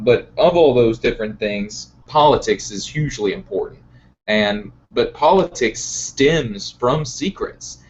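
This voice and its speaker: A man's voice: mid-range voice, dull audio. A man hosting a casual discussion, laying out his points earnestly, one by one. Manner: earnest, measured, explaining point by point. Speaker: show host.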